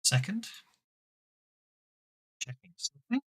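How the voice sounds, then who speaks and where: Guy running a tabletop game, halting, stops and restarts a lot, bright tone. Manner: halting, self-interrupting, amused. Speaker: game master.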